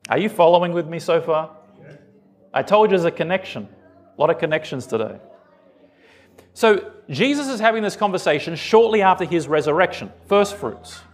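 High-voiced preacher quizzing his congregation. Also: moderate pace. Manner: animated, asks the congregation questions. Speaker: pastor. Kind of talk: sermon.

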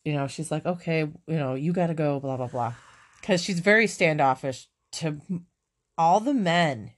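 A woman's voice: sits low, moderate pace. A woman co-hosting a casual movie chat, swearing freely and laughing often as she recounts favorite scenes. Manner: profane, animated, laughs often.

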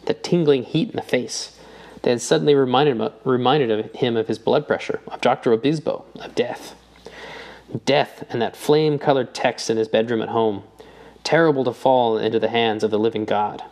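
A man narrating a novel in a measured, even audiobook reading. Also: medium pitch, creaky. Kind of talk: scripted narration.

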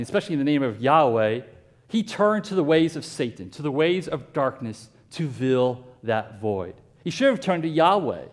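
Conversational man preaching a sermon. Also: mid-range voice. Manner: conversational, with asides and pop-culture comparisons. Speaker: pastor.

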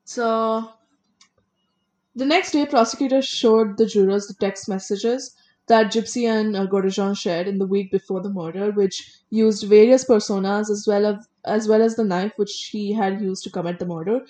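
A woman's voice: mid-range voice, steady tone, moderate pace, warm tone. Woman recounting a case casually. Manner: reads case details then adds blunt opinions, some stumbles. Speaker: co-host. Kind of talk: casual true-crime podcast chat.

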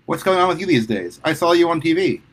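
A man voicing a warm, fretful middle-aged mother, affectionate and teary. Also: fairly high pitch, sing-song, fast talker, voice pushed up, rough recording. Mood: fussing warmly.

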